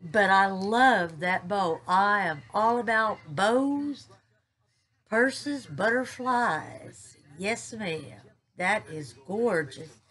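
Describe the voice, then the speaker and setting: Slow-talking woman gushing over crafts. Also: mid-range voice, expressive, fairly bright tone. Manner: gushing, drawn-out, repeats herself. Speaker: crafting YouTuber. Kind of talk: casual unboxing vlog.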